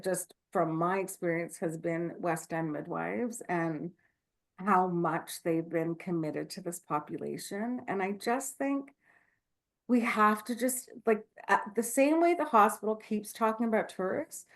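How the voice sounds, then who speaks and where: A woman's voice: lowish voice, a little slow. Woman midwife, candid, passionate, filler-heavy, video-call talk. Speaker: guest speaker, midwife. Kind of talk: online talk Q&A, casual.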